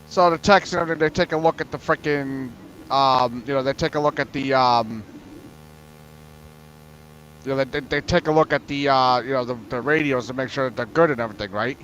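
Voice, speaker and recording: A man's voice: mid-range voice, moderate pace, a bit bright, dull audio, slight background noise. A man telling a long story in casual chat, rambling with many fillers and frequent swearing. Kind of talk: casual storytelling on an open voice panel.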